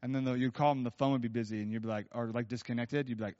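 A man's voice: medium pitch, fairly even intonation, rapid-fire, darkish tone. A man preaching a sermon in a casual, rambling storytelling way, full of fillers and restarts, in a church. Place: church hall. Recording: dull sound with long hall reverb.

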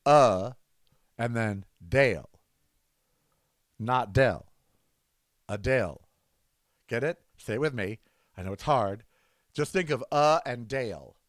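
A man's voice: medium pitch, animated, a little slow, no echo. A man hosting a comedic rant monologue, sarcastic and mocking as he riffs at length. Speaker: host.

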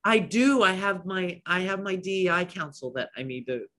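Excited guy on a podcast, voice a bit high, keeps restarting sentences. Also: moderate pace. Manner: enthusiastic, trailing off and restarting. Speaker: podcast guest, business owner. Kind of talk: casual podcast conversation.

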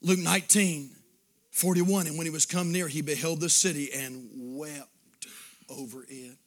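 A man pastor, preaching a sermon that swings from shouted fervor to hushed pleading in an altar call. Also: a little high, fairly even intonation, measured pace.

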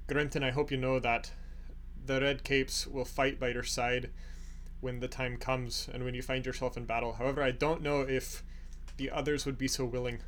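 A man voicing a loyal male warrior chief in a tabletop game, speaking in a measured, low-key way. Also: little pitch movement, a bit bright, slight background noise, lightly acted. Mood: earnest.

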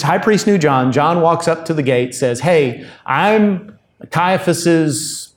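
A man gives a sermon, talking through the passage in a relaxed, conversational way. He keeps adding asides and explanations as he goes. His voice sits at an ordinary middle pitch for a man. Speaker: pastor.

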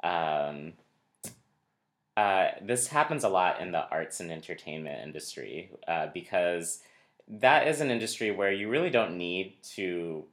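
A man's voice: low voice, very animated, unhurried, fairly bright tone. A man co-hosting a casual podcast chat, talking in a rambling, digressive way. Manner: rambling, digressive, many fillers and restarts. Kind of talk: casual conversation.

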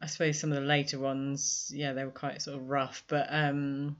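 A woman's voice: extremely low pitch, little pitch movement, normal speed. A woman co-hosting a podcast, chatting casually, laughing often and trailing off with ums. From Britain. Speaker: podcast co-host. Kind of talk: casual chat. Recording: dull lo-fi sound.

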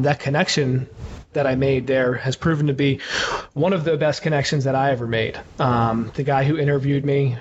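Candid man telling a story, muffled. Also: medium pitch. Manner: candid, profane, many fillers. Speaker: interview guest. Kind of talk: casual storytelling. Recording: muffled with clear background noise.

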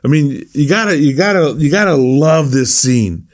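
A middle-aged pastor speaking in an easygoing, conversational way as he reads Scripture and reflects on it. He often repeats words and restarts phrases while he thinks, with the relaxed tone of an informal weekday devotional. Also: a little high, moderate pace. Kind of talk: devotional Bible teaching.

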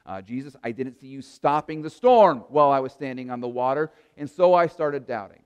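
A preacher voicing a flustered Peter making excuses. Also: male voice, medium pitch, expressive, brisk, a little mellow, clean tone, pitched below the performer's own voice, lightly acted. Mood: sheepish. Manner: hesitant, fumbling excuses. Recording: reverberant hall.

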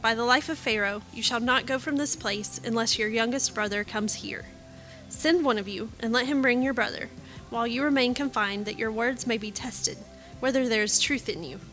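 A woman reading the lines of a stern, powerful male governor who tests strangers, in a measured, firm way. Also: a little high, fairly bright tone, faint music behind, close to an everyday voice.

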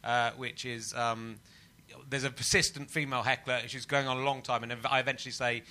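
A man's voice: mid-range voice, flat delivery, fairly quick, pushed and bright. A man and comedian in casual conversation, rambling with many restarts and fillers.

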